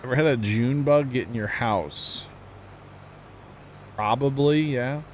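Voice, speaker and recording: A man's voice: mid-range voice, slow, a little hiss or hum. A man chatting casually with his viewers while streaming a game, talkative and self-teasing, laughing often.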